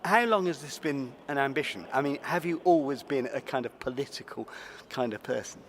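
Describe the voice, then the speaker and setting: A man presenting a radio report and interviewing a guest in a measured, conversational way, recorded in a large indoor lobby. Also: mid-range voice, lively intonation. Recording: public lobby with some noise.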